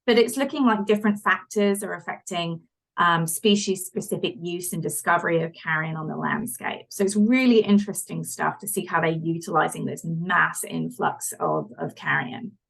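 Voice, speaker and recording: A woman scientist, a podcast guest, explaining her research in a measured way. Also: lowish voice, creaky, fairly bright tone, rough recording. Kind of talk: podcast interview.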